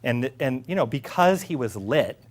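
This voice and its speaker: A middle-aged executive tells a casual story in an animated way. He laughs often and acts out the other people's lines. His voice sits at an ordinary mid-range pitch. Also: normal speed, a crowd in the background. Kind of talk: casual anecdote.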